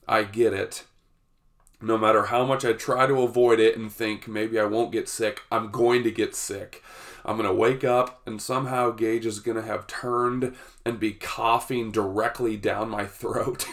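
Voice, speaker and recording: A man's voice: fairly low pitch, gravelly. A man, hosting a casual solo podcast, a bit congested from a cold, chatty and laughing often. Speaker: podcast host.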